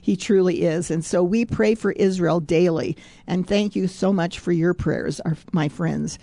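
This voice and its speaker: Field: warm-voiced Christian radio host woman. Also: lowish voice, unhurried, dry recording. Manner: chatty, laughs often, corrects herself mid-sentence. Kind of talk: devotional radio talk with scripture reading.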